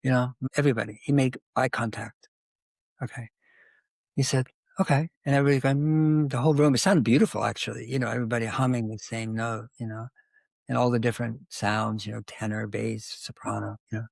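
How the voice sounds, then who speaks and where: A man's voice: mid-range voice, a little fast, creaky, no room sound. An older man telling a long, rambling story as a guest in an interview, with many asides. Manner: rambling anecdotal storytelling, animated.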